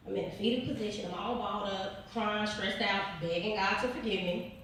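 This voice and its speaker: An author tells a personal story in an interview, her medium-pitched, fairly bright voice steady in tone and brisk. She is earnest and emphatic, informally repeating herself. A far-off mic catches her in a very echoey room with a little hiss or hum.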